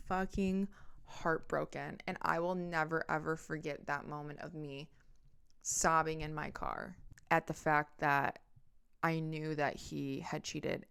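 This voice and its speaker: With a low, creaky voice and clean tone, a young podcast host delivers a storytime monologue about her breakup. She's emphatic and heavy on the swearing, acting out quotes and making horn sounds along the way.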